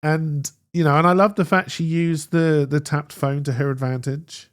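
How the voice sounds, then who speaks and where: A man's voice: on the high side, normal speed. A man co-hosting a podcast, chatting casually and enthusiastically about a TV episode. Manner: enthusiastic, animated storytelling. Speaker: podcast co-host. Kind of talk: casual chat.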